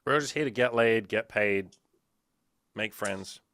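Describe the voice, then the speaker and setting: A man chatting casually on a podcast as a business coach, swearing a lot and telling animated stories. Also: lowish voice, measured pace, no room sound. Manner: profane, animated storytelling.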